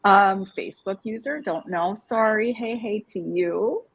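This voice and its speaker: A woman's voice: medium pitch, moderate pace, slightly rough, dry recording. A woman co-hosting a casual livestream chat, bubbly and chatty, greeting viewers by name. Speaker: livestream co-host.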